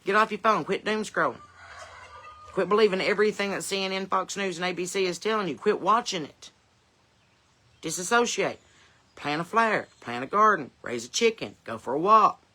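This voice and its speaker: A woman's voice: medium pitch, expressive, moderate pace, bright, forceful tone. A woman with a Southern accent, hosting a podcast from her porch in blunt, folksy, profane chat, with chickens clucking nearby. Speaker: podcast host.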